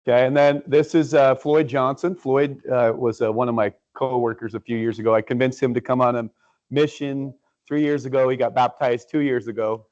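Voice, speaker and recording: Man, church presenter, halting speech full of fillers, muffled lo-fi recording. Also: mid-range voice, fairly even intonation, a little mellow. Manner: halting, many filler ums and uhs. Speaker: church mission trip presenter. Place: church sanctuary.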